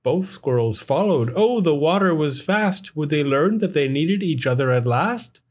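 Husky man reading a rhyming storybook. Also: on the high side, unhurried. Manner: sing-song, expressive rhyming delivery. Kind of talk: storybook read-aloud in rhyme.

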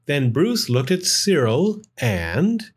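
A man reading a rhyming children's picture book aloud in an expressive, sing-song way. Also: on the high side, slow, breathy edge. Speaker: storyteller. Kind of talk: storybook read-aloud in rhyme.

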